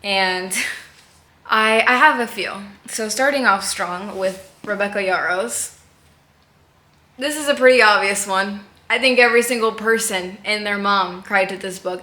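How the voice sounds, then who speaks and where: Young female book vlogger, gushing and chatty, bright tone, roomy recording. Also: mid-range voice. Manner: gushing, chatty, laughs often. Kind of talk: casual book chat to camera.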